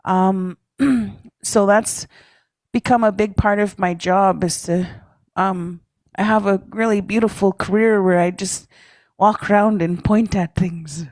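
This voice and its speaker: Self-mocking woman, storytelling talk, unhurried with a mid-range pitch. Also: fairly even intonation, darkish tone, dry recording. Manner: chatty, self-mocking, laughs often, tags lines with "eh?". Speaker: speaker at a leaders' caucus.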